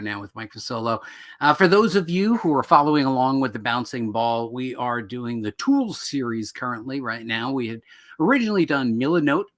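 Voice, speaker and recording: A man co-hosting a relaxed live show about writing comics. His voice sits in a middle pitch. He talks loosely and jokily, full of ums and restarts. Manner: jokey, rambling, lots of fillers. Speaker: co-host. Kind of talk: casual live-stream chat.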